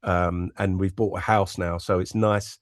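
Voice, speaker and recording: A man's voice: low-pitched, little pitch movement, a little slow, dry recording, clean studio sound. A man as a comedian guest in casual banter, teasing and playful. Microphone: headphones.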